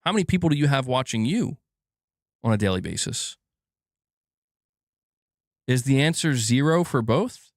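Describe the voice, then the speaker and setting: Animated man ranting on a livestream. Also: medium pitch, moderate pace, long pauses, dry recording, clean studio sound. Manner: animated, emphatic, swears freely. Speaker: gaming channel host. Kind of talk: casual livestream commentary. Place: alone at home.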